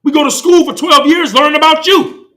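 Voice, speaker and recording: A man's voice: very high voice, a little fast, a bit bright. A man preaching a sermon, heated and full of rhetorical questions, reading scripture between points. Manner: impassioned, rhetorical questions, slips into quoted voices. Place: congregation hall.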